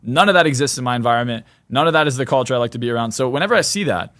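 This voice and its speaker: Man, podcast guest, fast talker, blunt and emphatic, dry close sound. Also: medium pitch, lively intonation, fairly bright tone, dry recording. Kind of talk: podcast interview.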